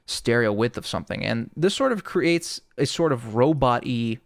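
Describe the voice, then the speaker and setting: A man's voice: medium pitch, animated, normal speed, gravelly, a little hiss or hum. A man giving a casual audio tutorial, explaining in a laid-back way with lots of "sort of", close to a studio microphone. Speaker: music producer explaining sound design.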